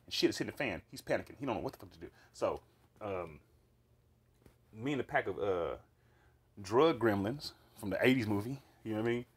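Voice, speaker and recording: A man's voice: fairly low pitch, fairly quick, long pauses, slightly rough. A man recounting a vivid dream in a casual monologue, swearing freely and rambling with fillers and restarts. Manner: profane, animated, rambling with fillers.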